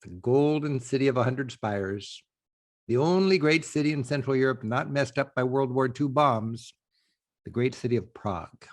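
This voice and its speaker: A man's voice: medium pitch, moderate pace. A man hosting a travel show, chatting to the camera in an enthusiastic, conversational way and repeating points for emphasis. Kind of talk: casual on-location talk to camera.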